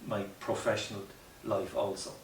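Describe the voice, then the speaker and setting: A man's voice: lowish voice, level tone, moderate pace, slight background noise. Earnest man, distant roomy mic. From Ireland. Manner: reflective, earnest, many restarts and "you know" asides. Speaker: guest, mountaineer. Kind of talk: conversational storytelling interview.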